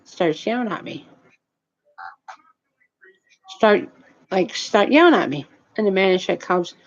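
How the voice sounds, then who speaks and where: A woman's voice: mid-range voice, lively intonation, a little slow, pauses often. A woman telling a long, indignant story in a rambling way, with many restarts, swearing and "you know what I mean" tags. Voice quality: heavy swearing, nonstandard grammar. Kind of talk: casual storytelling rant. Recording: dull lo-fi audio.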